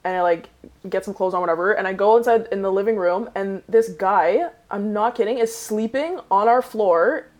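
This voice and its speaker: A young woman telling an anecdote in casual chat, animated and full of fillers like "like". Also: medium pitch, normal speed. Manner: animated, filler-heavy, acts out dialogue.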